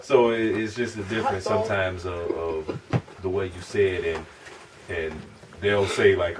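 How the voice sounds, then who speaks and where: A lower-voiced man with a Chicago accent chats casually with the class, tagging his points with "you know what I'm saying". He sits away from the mic, with clear noise and clicks around him. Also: steady tone, a little slow, distant mic. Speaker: class member.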